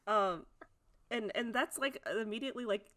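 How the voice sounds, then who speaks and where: A woman's voice: a little high, moderate pace, a bit bright. A woman co-hosting a podcast in casual chat, laughing often as she recaps a cartoon. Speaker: podcast co-host.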